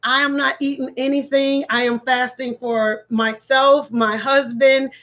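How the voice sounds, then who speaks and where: A woman hosting a casual livestream, warmly thanking her viewers by name and laughing easily and often. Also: high-pitched, little pitch movement, measured pace. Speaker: livestream host.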